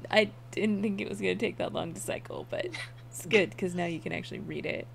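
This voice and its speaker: A woman's voice: on the low side, brisk, gravelly, a little hiss or hum. A woman player in a tabletop game voice chat, laid-back, asking the others questions.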